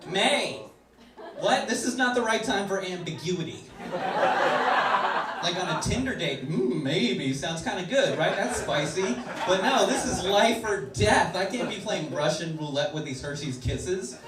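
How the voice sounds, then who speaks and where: A man from Washington DC doing a stand-up comedy set, telling animated stories and acting out little voices. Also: high-pitched, a little slow. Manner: animated storytelling with acted-out voices. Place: comedy club stage before a laughing audience. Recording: echoey room, loud background noise, from far off.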